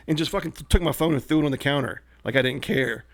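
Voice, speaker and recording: A man telling a story on a casual podcast. He acts out quotes with animated swings of voice. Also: mid-range voice, fast talker, vocal fry, dry recording. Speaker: comedian guest.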